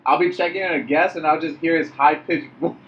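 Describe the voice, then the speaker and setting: A man's voice: a little high, steady tone, brisk. A man chatting casually, chiming in with laughs and retelling stories from work. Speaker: podcast co-host. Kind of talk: casual chat. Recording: dull lo-fi sound with faint hiss.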